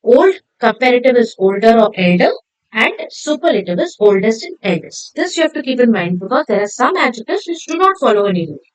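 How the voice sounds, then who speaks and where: A woman teaching a grammar lesson, spelling words out slowly and asking and answering her own questions. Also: a little high, big pitch swings, no echo, low-quality recording. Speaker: English teacher.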